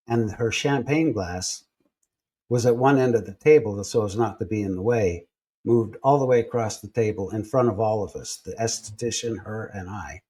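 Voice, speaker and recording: A man telling personal stories in a relaxed interview, acting out the people he quotes as he goes. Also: fairly low pitch. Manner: animated storyteller acting out quoted voices. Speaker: guest. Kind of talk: storytelling in a conversational interview.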